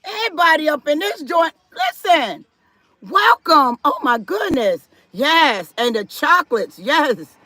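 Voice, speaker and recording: A woman with a high, bright voice talks her way through a live stream. She is chatty and reads viewer comments aloud, and she stays firm about respect. The sound is dry and close, with no room echo. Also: big pitch swings, a little slow. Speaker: livestream host.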